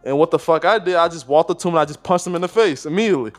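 A man's voice: a little high, rapid-fire, faint music behind. A man co-hosting a podcast in casual chat, rambling with lots of fillers, restarts and swearing. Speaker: podcast co-host.

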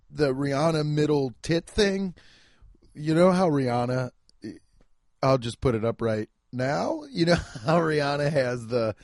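A man's voice: mid-range voice, a little mellow, no room sound, studio quality. A man who is a stand-up comedian, chatting casually and self-deprecatingly on his podcast from home. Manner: rambling, jokey, self-deprecating.

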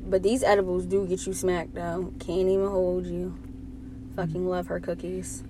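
A young woman with an American accent, chatting casually and telling a story in a blunt, profane, animated way. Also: lowish voice, normal speed, slight background noise. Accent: American English, Delaware. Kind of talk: casual chat.

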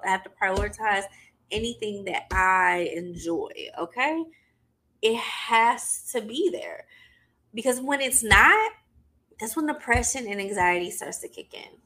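Emphatic woman with bright, forceful voice. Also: mid-range voice. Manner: emphatic, repetitive, conversational with frequent "okay?" and "y'all". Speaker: podcast host and mental health business owner. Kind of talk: casual solo podcast talk.

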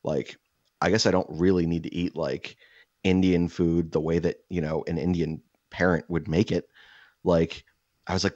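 A man co-hosting a casual chat, telling rambling, profane anecdotes in an animated way. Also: sits low, normal speed, dry recording, lo-fi sound. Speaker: podcast co-host.

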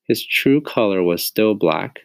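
Male narrator reading a children's book, very low and gravelly, measured and dry. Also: expressive, no room sound. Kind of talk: storybook reading.

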